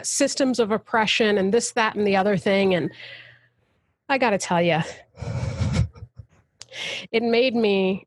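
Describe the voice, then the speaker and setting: A woman's voice: mid-range voice, no echo, studio quality. A woman, a guest actor, talking passionately and emphatically in a casual interview over a video call. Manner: passionate, emphatic, soapbox ranting.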